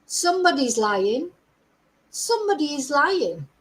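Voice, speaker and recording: A woman's voice: high voice, sing-song, measured pace, low-quality recording. A middle-aged woman, hosting a chatty live-stream commentary, reading out news and asking her viewers rhetorical questions. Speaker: host.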